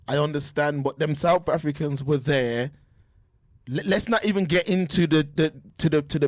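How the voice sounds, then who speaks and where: A man co-hosting a casual sports podcast over a remote call, animated and full of restarts. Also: a little high, no room sound, clean studio sound. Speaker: podcast co-host. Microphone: remote call mic.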